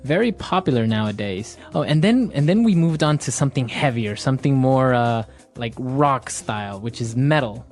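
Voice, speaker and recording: Guy asking easy questions on a chill english lesson, soft music underneath. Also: medium pitch, animated, normal speed, few pauses. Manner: asks leading questions, laughs easily. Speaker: podcast co-host, English teacher. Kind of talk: casual teaching chat.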